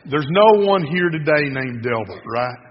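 A man's voice: fairly high pitch, animated, a little slow. A male pastor reading scripture and preaching in a casual, joking storytelling manner in a church. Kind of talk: sermon. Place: church sanctuary. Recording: echoey hall, dull lo-fi sound.

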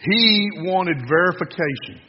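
A man's voice: high-pitched, measured pace. Casual, joking male pastor in a hall. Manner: casual, joking, conversational storytelling. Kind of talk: sermon. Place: church sanctuary. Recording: echoey hall, dull lo-fi sound.

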